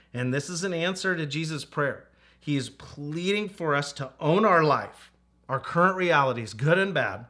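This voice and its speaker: A man's voice: mid-range voice, a bit bright. A man preaching a sermon as a pastor, earnest and repetitive, with playful asides to children.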